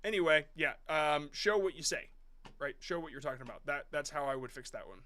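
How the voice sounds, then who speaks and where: A man in his thirties hosts a live stream, giving frank, rambling casual commentary on viewers' short videos. His voice is a little high and sharp in tone, his pace fairly quick, and he restarts and swears mildly.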